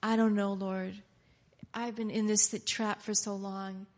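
A woman voicing a defeated, hopeless believer who talks quietly and resignedly, sometimes half-whispering. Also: mid-range voice, level tone, unhurried, close to an everyday voice. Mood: resigned, mopey.

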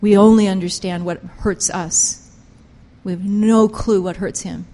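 A woman preaching a sermon with passion, pressing her points hard and swinging between loud emphasis and quiet intensity. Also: mid-range voice, steady tone, measured pace, long reverb tail. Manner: impassioned, emphatic, rises and drops sharply in loudness.

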